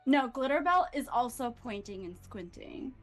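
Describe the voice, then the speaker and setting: A woman playing in a tabletop game, excitable and casual, swearing now and then. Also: fairly high pitch, moderate pace, faint music behind. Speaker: player.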